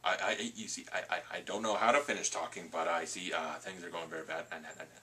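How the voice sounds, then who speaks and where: Guy putting on a mumbly stuttering actor voice, halting, trails off, bright tone. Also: low-pitched, fairly even intonation, pitched below the performer's own voice. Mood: stammering. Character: halting, stammering male actor, muttering.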